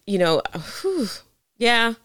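Woman, forties, podcast host, smooth resonant voice, dry close sound, effusive and emotional. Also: on the high side, very animated, slow pace, a bit bright, dry recording. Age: 40s. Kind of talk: podcast conversation.

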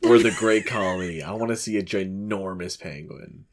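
A woman co-hosting a casual podcast chat, making playful, deadpan asides. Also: rumbling low, moderate pace. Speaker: podcast co-host.

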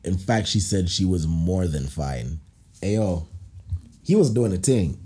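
A man hosting a podcast reads listener stories aloud and breaks into laughter and playful voices as he riffs on them. His voice is dark and husky, and his pitch swings widely. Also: lively intonation, takes it slowly. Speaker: podcast host. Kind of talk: reading and reacting to listener stories.

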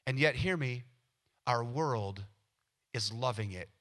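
A male pastor preaching a sermon, animated and acting out little everyday scenes with quoted voices. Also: medium pitch, takes it slowly.

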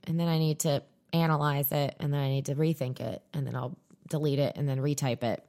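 Woman, low voice, thirties, dry self-mocking humor, casual podcast chat. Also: fairly even intonation, brisk, dark tone. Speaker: podcast co-host.

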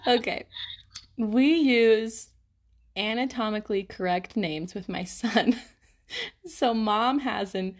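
Young woman podcast host, slow easy delivery, giggles a lot, says like constantly. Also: fairly high pitch. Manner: giggly, lots of "like" fillers. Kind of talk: casual chat, reading listener stories.

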